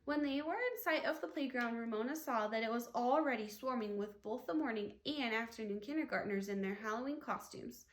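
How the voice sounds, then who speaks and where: Woman teacher, children's book read-aloud, expressive, fairly high voice, echoey room. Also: brisk, few pauses. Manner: expressive storytelling.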